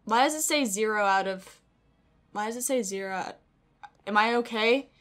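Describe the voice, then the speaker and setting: A woman giving excitable, self-deprecating commentary over her own gameplay, laughing often. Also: mid-range voice, normal speed. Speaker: gaming video creator.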